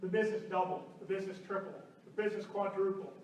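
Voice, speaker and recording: High-voiced man storytelling in echoey room. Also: fast, a little hiss or hum. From Oklahoma. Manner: animated storytelling with acted quotes. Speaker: speaker at a business meeting. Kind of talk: motivational talk to a live room. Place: meeting room with an audience. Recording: roomy far-off hall recording.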